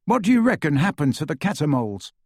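A man doing a fretful, excitable young man. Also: fast, vocal fry, breathy edge, no room sound, studio quality, full character voice. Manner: excitable, high and loud.

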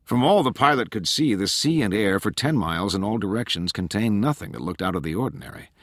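A man narrating an audiobook in a measured, steady way. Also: on the low side, dry recording, studio quality. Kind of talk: scripted narration.

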